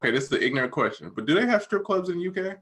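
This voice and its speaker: A man's voice: high-pitched, big pitch swings, very fast, a bit bright. An American man co-hosting a podcast, bantering playfully and laughing often. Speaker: podcast co-host. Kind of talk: casual chat.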